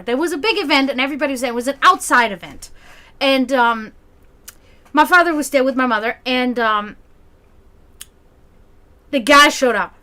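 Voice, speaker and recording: A woman telling a long family story in a casual way, acting out the people she quotes and laughing often. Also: fairly high pitch. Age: adult, grew up with a brother. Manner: animated, acts out quoted voices, laughs often, profanity. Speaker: community gathering host.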